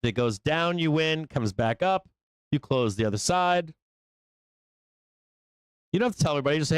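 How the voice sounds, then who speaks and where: Blunt, profane man with a smooth voice. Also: fairly high pitch, lively intonation, normal speed, long pauses, dry recording. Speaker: live trading show host. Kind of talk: live market commentary.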